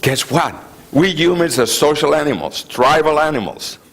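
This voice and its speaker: A man giving a public lecture to a community group, chatty and animated, often tossing out rhetorical questions. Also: fairly high pitch, moderate pace, rough recording. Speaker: guest speaker. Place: community meeting room.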